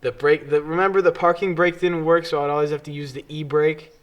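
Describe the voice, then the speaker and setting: A man's voice: on the high side, steady tone, fairly quick, dull audio. A young man co-hosting a casual podcast, telling stories with lots of energy, swearing freely and mimicking other people's voices. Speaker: podcast co-host. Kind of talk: casual chat.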